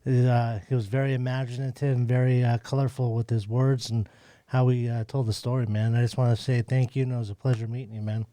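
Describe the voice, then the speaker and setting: A man's voice: medium pitch, level tone, brisk, mellow, no echo. Laid-back swearing podcast guy, dry sound. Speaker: podcast co-host. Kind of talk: casual chat.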